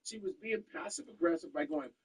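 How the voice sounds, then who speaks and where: A man on a casual podcast chat, animated and profane as he rants. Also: a little high, fairly quick, breathy edge, rough recording.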